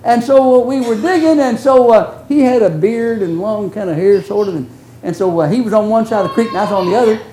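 Folksy older preacher in an echoey church. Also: male voice, sits high, a little fast, slight background noise. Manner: folksy, earnest, swings from loud to hushed. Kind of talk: sermon storytelling.

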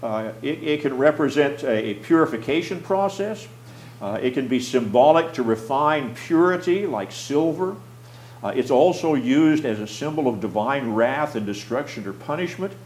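A man's voice: medium pitch, a little mellow, roomy sound, slight background noise, poor audio. A man teaching a Bible class, explaining plainly, often restarting his phrases and putting questions to the class.

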